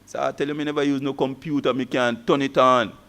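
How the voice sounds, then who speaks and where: A man's voice: mid-range voice, flat delivery, fast, a bit bright, pitched below the performer's own voice, natural voice. A man doing a shy young student with a Kittitian twang. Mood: sheepish. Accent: Kittitian creole. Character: young male student, shy and laid-back.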